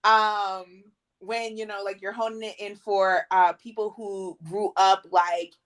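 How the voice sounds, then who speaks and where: Woman co-host talking movies, lots of ums, mid pitch, rambly. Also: unhurried. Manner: rambling, many ums, lively quoting. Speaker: podcast co-host. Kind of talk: casual chat.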